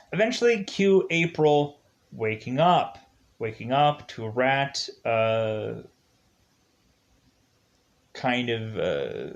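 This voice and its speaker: Slow, rambling man reviewing a film. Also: medium pitch, highs cut off. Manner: rambling, leans on filler words and restarts. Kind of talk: casual spoken movie review, retelling the plot.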